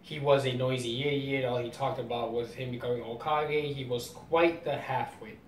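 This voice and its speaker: Man reading a stern ninja mentor, curt and flat, faint rumble behind, distant mic. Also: moderate pace, roomy sound, natural voice. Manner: reads comic dialogue flatly.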